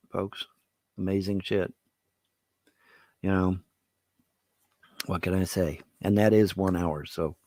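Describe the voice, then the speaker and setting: A man's voice: low-pitched, a little mellow, no room sound, studio quality. A man rambling casually to his viewers, swearing and laughing often. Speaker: online video host.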